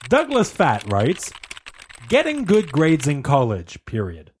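A man's voice: a little high, wildly swooping pitch, takes it slowly, a little hiss or hum. A man hosting a casual comedy podcast, reading listener questions, joking and swearing freely. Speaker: podcast host.

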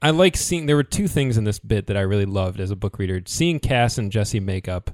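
A man from Michigan co-hosting a casual podcast, chatting in an animated way with restarts and laughter. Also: on the low side, fairly quick, no room sound, studio quality. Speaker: podcast co-host. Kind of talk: casual chat.

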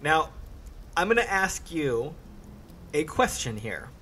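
A man running a tabletop horror game as game master, calm and encouraging, with faint background noise. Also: a little high, takes it slowly. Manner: calm, encouraging, dramatic narration at the close.

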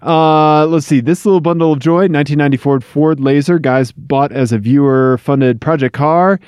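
Man from Missouri, co-host, jokey banter, fairly high voice, close dry mic. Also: normal speed, darkish tone, clear, resonant tone, dry recording. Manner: joking, reads out listener game with asides. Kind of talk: casual banter podcast.

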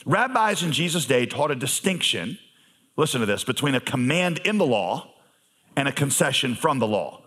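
A male pastor preaching a sermon in a conversational manner, with humorous asides and emphatic pauses. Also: medium pitch, big pitch swings, a bit bright, husky.

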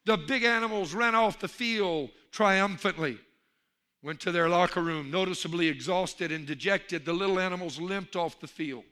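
A man preaching a sermon as pastor, telling jokes with animated energy and calling out for amens. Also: high-pitched, normal speed, smooth. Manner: animated storyteller, calls for amen.

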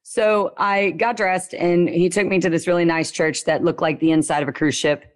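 A young woman with a Southern Louisiana accent tells her story as an interview guest. Her voice sits a little low, and she talks in a loose, lively way with playful asides. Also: moderate pace. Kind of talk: casual storytelling.

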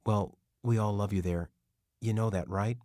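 A man's voice: fairly low pitch, steady tone, moderate pace, darkish tone, dry recording, clean studio sound, lightly acted. A man voicing an awkward, well-meaning middle-aged man who talks earnestly and apologetically in an audiobook.

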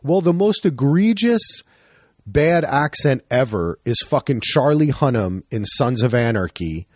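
A man hosting a podcast, chatting casually with friends in an animated, profane, rambling way. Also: mid-range voice, a little slow, dry recording, studio quality. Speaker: podcast host.

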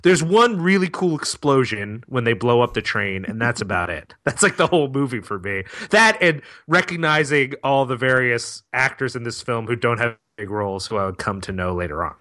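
A man's voice: medium pitch, animated, moderate pace, few pauses, pushed and bright. A man guesting on a film podcast, chatting loosely and profanely with plenty of fillers. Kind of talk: casual film-review chat.

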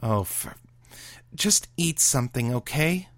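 A man reading the part of a blunt, no-nonsense female homicide detective, brisk and exasperated. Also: mid-range voice, expressive, no room sound, pitched above the performer's own voice. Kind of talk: audiobook reading of a serial story.

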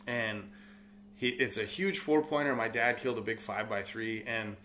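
A man's voice: fairly low pitch, moderate pace, a bit bright, a little hiss or hum. A young man with a Californian accent telling a hunting story in casual conversation, rambling with lots of fillers. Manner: rambling, many "like" fillers, acts out quotes. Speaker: guest, outfitter business owner.

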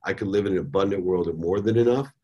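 A middle-aged man speaks as a guest on a podcast, recounting his own life lessons. His voice sits on the low side, and his delivery is candid and animated, with casual words like "man" and "dude" scattered through it. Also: fast, husky, dull audio. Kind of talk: personal storytelling in an interview.

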